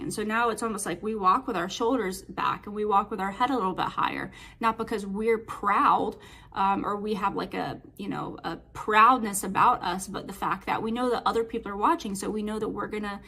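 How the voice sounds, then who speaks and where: A woman's voice: medium pitch, moderate pace, vocal fry, bright, forceful tone, slightly rough. A woman fitness coach talking in a casual motivational monologue, chatty and storytelling with lots of filler words.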